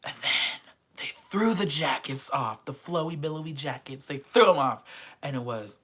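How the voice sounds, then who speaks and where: A vlogger chatting casually and excitedly about a concert, full of slang and swearing. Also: medium pitch, normal speed, slightly rough. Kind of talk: casual chat.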